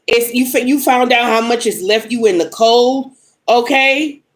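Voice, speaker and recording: A woman's voice: a little high, unhurried, poor audio. A young adult woman reading tarot on a casual livestream, upset and venting bluntly with lots of swearing at commenters. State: upset and angry. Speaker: live tarot reader.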